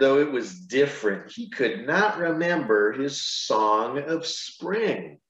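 A man, a pastor, reading a picture book aloud to children, with gentle, chatty asides between pages. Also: mid-range voice, sing-song, slow. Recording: echoey room, dull lo-fi sound.

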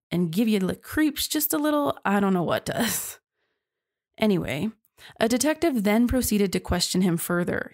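Woman, true crime podcast host, chatty and expressive, casual narration. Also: medium pitch. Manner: chatty and expressive, addresses listeners as y'all.

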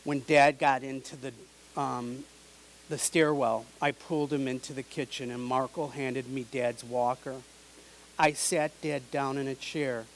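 Slow, earnest man reading a memoir. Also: mid-range voice, steady tone, slight background noise, rough recording. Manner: earnest, measured. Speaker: memoir narrator. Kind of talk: reading a personal memoir aloud.

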